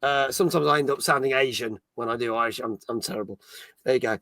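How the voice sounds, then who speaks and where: A man's voice: mid-range voice, fast talker, a bit bright, no room sound, studio quality. A middle-aged man hosting a casual gaming stream, chatting and reading out viewer comments. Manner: chatty, reads chat comments aloud, jokey. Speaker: podcast host. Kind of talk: casual live-stream chat.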